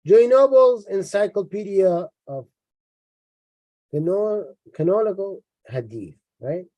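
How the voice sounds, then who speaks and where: A man's voice: high-pitched, lively intonation, slow pace, mellow, no echo. A tired man giving mocking, sarcastic commentary in a lecture style while reading from a book. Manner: mocking and sarcastic, with frequent repeats and asides.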